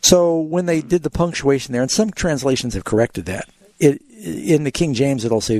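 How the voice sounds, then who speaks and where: This pastor's medium-pitched, darkish voice moves at a moderate pace, recorded dry. Hosting a radio call-in show from the studio, he takes Bible questions, teaching scripture and sharing brief stories to illustrate.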